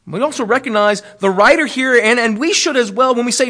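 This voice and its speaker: A man preaching an expository sermon, rising loud and high on appeals, then dropping low and soft, slowing on key phrases. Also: animated. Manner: preaching with wide swings in pitch and loudness, slowing on key phrases.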